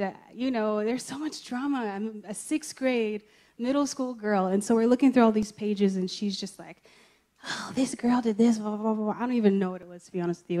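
A woman's voice: medium pitch, darkish tone. Young woman preaching at church, chatty and loose, lots of "um" and "like". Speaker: guest preacher. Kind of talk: casual storytelling sermon. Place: church service.

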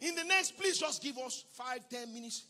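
A man preaching a sermon as pastor, exuberant, breaking into shouts and laughter. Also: very high-pitched, animated, normal speed, soft background music.

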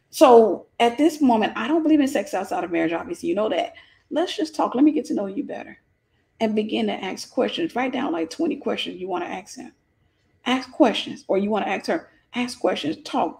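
Woman, Southern accent, Christian teacher, fry in the voice, slightly high, emphatic, folksy. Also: expressive, a little fast, darkish tone. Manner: emphatic and repetitive, folksy and joking. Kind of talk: preachy informal lesson.

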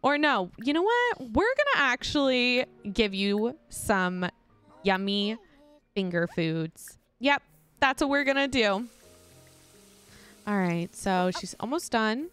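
A woman's voice: a little high, lively intonation, slow pace, fairly bright tone, clean tone, soft background music. A young woman chatting casually to viewers while playing a life-sim game, giggly and talkative. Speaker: gaming YouTuber. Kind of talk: casual let's-play commentary.

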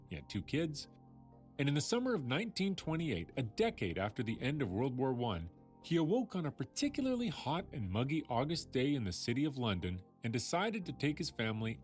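Lively, playful male science host. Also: medium pitch. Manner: playful, chatty, addresses listener directly. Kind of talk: scripted science storytelling.

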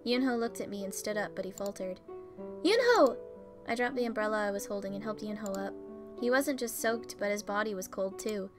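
A woman reading a visual novel game aloud, narrating plainly and breaking in with swearing and joking reactions. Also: mid-range voice. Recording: faint music behind.

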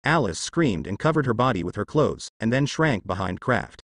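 Male audiobook narrator, lively pitch, dry sound, flat read. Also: normal speed, dry recording. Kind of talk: audiobook narration of translated fan fiction.

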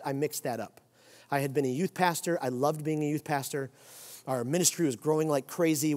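A pastor in his forties preaching a sermon, with emphatic, repeated declarations. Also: on the high side. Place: church sanctuary. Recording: long reverb of a church hall.

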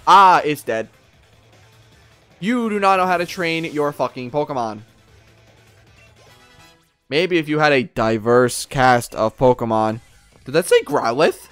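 A man giving casual gameplay commentary, excitable and profane, talking back at the characters on screen. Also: fairly high pitch, measured pace, long pauses, clear, resonant tone, faint music behind. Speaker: let's play gamer.

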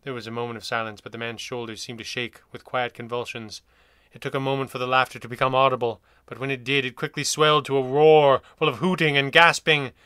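A man narrating his own pulp adventure story in a measured, dramatic reading. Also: mid-range voice, level tone, bright, forceful tone, clean tone, no echo, studio quality. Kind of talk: scripted narration.

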